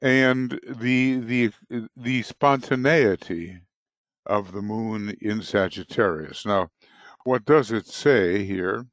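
A man with a hoarse morning voice teaches astrology in a slow, unhurried lecture. His voice sits fairly low and sounds close and dry, with no room around it. He talks in a halting, deliberate way, pausing as he works out each point. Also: dry recording.

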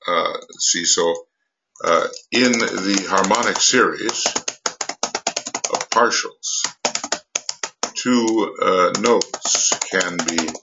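An older man giving an unscripted spiritual lecture, halting with many pauses, fillers and restarts. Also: low voice, highs cut off, background noise. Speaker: esoteric teacher.

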